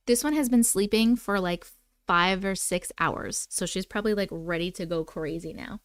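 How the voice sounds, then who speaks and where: A woman's voice: medium pitch, moderate pace, dry recording. A woman hosting a live stream, casually chatting with viewers, reading their comments aloud and cooing at her cats. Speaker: livestream host.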